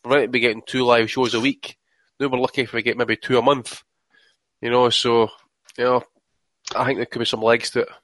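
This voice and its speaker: Male podcast co-host: quick, stop-start delivery, dry close sound, mid pitch. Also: little pitch movement, a bit bright, dry recording. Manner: halting, many restarts, heavy swearing. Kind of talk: casual chat.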